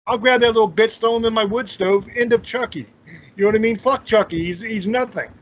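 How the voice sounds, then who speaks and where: A man's voice: high-pitched, brisk, fairly bright tone. A man hosting a casual chat, talking bluntly and emphatically with plenty of swearing. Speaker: podcast host. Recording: dull lo-fi audio.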